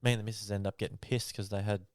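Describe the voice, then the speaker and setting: Fast-talking Australian bloke, low voice. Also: male voice, little pitch movement, darkish tone, no room sound, clean studio sound. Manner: swears freely, laid-back storytelling. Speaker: podcast co-host. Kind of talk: casual storytelling chat.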